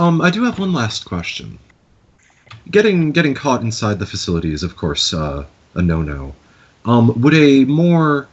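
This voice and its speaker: Husky low-voiced man player. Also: highs cut off. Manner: polite, hesitant, searching for words. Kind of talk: in-character tabletop play.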